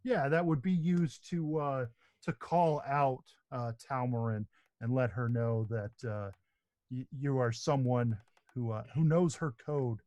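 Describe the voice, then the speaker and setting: A man narrating as game master of a tabletop game, relaxed and hesitant, with many fillers. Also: medium pitch, a little slow, no echo.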